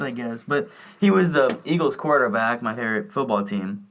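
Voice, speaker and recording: A man's voice: mid-range voice, lively intonation, normal speed, a bit bright. A young man co-hosting a podcast in casual chat, laid-back and joking, calling his friend dude. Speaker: podcast co-host. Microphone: podcast microphone.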